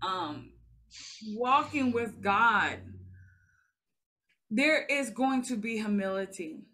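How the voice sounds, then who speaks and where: A woman with a high, bright voice hosts a casual conversation about faith. She speaks earnestly and reflectively, becoming animated as she makes her points. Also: slow.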